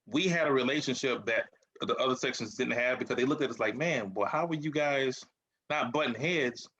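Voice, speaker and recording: A man as a guest in a casual conversation, talking haltingly with repeated words and emphatic affirmations. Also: mid-range voice, a bit bright. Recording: slightly dull lo-fi sound.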